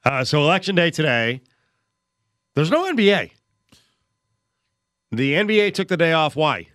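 A man hosting a casual sports talk show, teasing his co-host with rapid questions. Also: fairly high pitch, big pitch swings, fairly bright tone, dry recording, clean studio sound.

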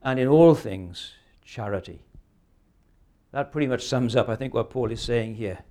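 A man's voice: mid-range voice, normal speed, dark tone. A man in his sixties preaching a sermon, earnest and emphatic, often ending points with rhetorical questions. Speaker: pastor.

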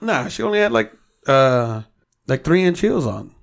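A man in casual podcast chat, storytelling at length with plenty of swearing. His voice sits at an ordinary middle pitch, and he acts out what people said. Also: sing-song, measured pace, gravelly. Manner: storytelling, heavy swearing, quotes himself. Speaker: podcast co-host.

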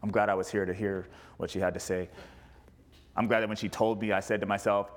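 A man pastor preaching casually to his congregation, animated and jokey, acting out little quoted lines. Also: on the low side, brisk. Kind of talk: sermon with congregation questions.

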